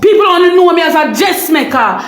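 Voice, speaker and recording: A middle-aged woman with a Jamaican accent ranting on a live stream, loud and confrontational, repeating herself and breaking into shouts. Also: very high-pitched, expressive, brisk, roomy sound, soft background music, low-quality recording. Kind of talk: heated live-stream rant.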